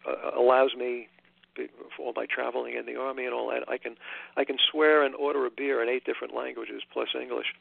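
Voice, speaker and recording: Older male author guest, gravelly and halting, heard over a tinny phone line. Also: mid-range voice, dry recording. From Long Island, New York. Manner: halting, many restarts and fillers. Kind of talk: casual interview chat.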